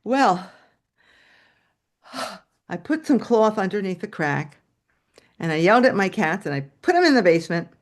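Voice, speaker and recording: A woman's voice: medium pitch, normal speed, pauses often. A woman telling a story to an audience over a video call, acting out the scenes as she goes. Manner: animated, acts out scenes with shouted quotes.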